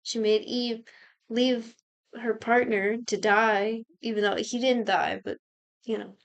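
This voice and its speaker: Profane, high-voiced young woman recapping. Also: slow pace, gravelly, highs cut off. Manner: profane, animated retelling with quoted voices. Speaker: podcast co-host recapping a show. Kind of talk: casual chat.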